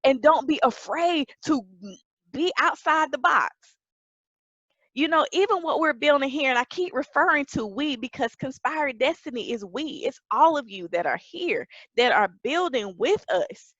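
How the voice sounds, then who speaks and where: A woman pastor preaching an emphatic sermon that rises to shouts. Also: high voice, animated, moderate pace, no room sound, muffled recording.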